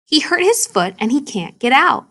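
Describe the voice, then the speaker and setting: A woman's voice: high voice, big pitch swings, moderate pace, fairly bright tone, pitched above the performer's own voice, exaggerated voice. A woman voicing a worried, caring hedgehog in a storybook read-aloud.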